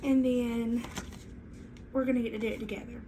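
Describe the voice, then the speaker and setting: A female teacher reads aloud and leads a reading lesson for young children, speaking clearly in a sing-song classroom manner. Her voice is a little high with a flat delivery at normal speed, and there is background noise.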